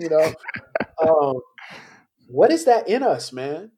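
A man's voice: fairly high pitch, sing-song, a little slow, warm tone, husky. A man hosting a podcast interview, talking reflectively in a casual way, thinking aloud and trailing off into questions. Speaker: podcast host.

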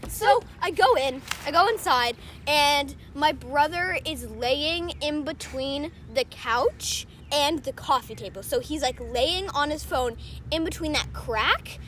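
A woman's voice: high-pitched, expressive, slow, a bit bright. A young woman telling a rambling story in a casual chat, giggling and saying "like" often. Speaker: co-host. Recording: faint background noise.

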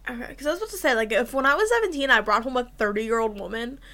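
A young woman with a bright, sharp-edged voice that sits a little high. She talks bluntly and swears freely, acting out the back-and-forth of the stories she tells. Her delivery is loose, casual chat. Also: very fast. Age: young adult. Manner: blunt, profane and animated, acts out quoted exchanges. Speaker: podcast co-host.

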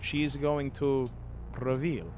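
A man putting on a hammy, excitable Italian-accented character with broken grammar for laughs on a podcast. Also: mid-range voice, a little hiss or hum, natural voice. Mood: teasing. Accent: put-on Italian. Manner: broken grammar, drawn-out teasing.

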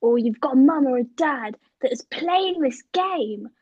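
Woman cohost, high voice, giggly storyteller, dry dull audio. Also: animated, a little slow, darkish tone, slightly rough, no echo. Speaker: podcast co-host. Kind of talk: casual chat.

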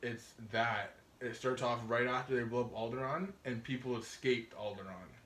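A young man from Canada co-hosting a podcast in casual chat, rambling and excited with lots of fillers. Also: medium pitch, normal speed. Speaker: podcast co-host.

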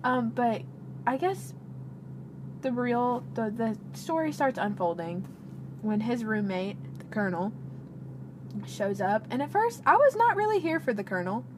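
Her voice sits on the high side, and she speaks a little slowly with long pauses. She's a young woman co-hosting a podcast, animated and laughing through playful stories in casual chat, with background noise present.

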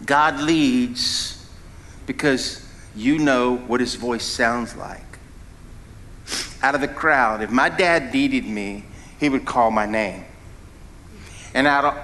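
Animated preacher man, bright voice. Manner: animated preaching with sudden rises in pitch and volume, asks the congregation questions. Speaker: founding pastor. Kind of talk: sermon.

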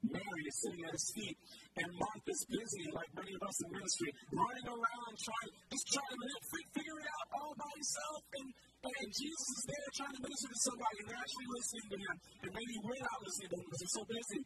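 A man's voice: very high-pitched, fast talker. A male preacher giving a conversational sermon and asking the congregation questions. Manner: animated, conversational, asks the crowd questions. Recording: distant mic, loud background noise.

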